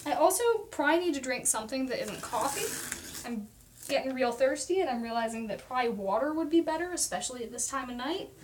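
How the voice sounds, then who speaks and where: A young woman from Oklahoma hosting a casual live stream at home, talking fast and rambling chattily. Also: sits high, slight background noise. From Oklahoma, USA. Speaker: livestream host. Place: at home at her desk.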